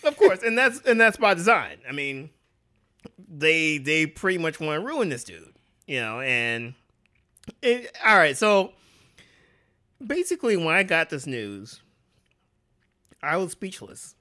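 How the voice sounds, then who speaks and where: Man, podcast co-host, casual chat, rambling with fillers, lively pitch. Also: measured pace, pauses often. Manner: rambling, many fillers and restarts.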